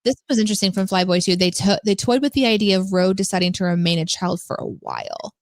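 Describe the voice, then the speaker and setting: Relaxed woman reading viewer comments. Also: medium pitch, fast talker, no echo, clean studio sound. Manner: relaxed, thoughtful, reads comments aloud. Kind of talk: casual live-stream chat.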